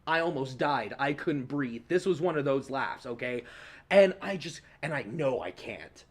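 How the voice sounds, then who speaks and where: A young man hosting a podcast, telling a story in a casual, animated way, swearing often and laughing along. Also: medium pitch, moderate pace. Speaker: podcast host.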